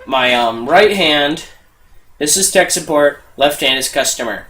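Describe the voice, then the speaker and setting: A man co-hosting a podcast, telling tech-support jokes in an animated way and shouting the customers' lines. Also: fairly high pitch, unhurried, a little hiss or hum, rough recording. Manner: animated joke-telling with loud put-on customer voices. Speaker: podcast co-host. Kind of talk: casual podcast chat, reading tech jokes aloud.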